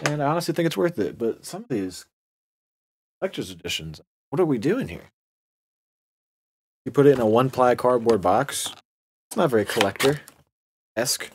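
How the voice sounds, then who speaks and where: A man's voice: medium pitch, lively intonation, moderate pace, pauses often, breathy edge. A young man hosting an unboxing video, talking in a casual, sarcastic and rambling way.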